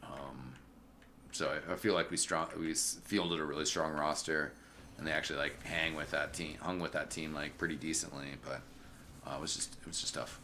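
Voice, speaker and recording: A deep-voiced man casts a video game match from his home streaming setup, speaking in a loose, chatty way full of fillers and shout-outs to chat. His tone is bright and forward despite the low pitch, and soft keyboard clicks sit faintly behind him. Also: moderate pace, slight background noise. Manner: relaxed, chatty, filler-heavy, greets chat viewers. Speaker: esports caster and streamer. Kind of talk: casual solo game commentary.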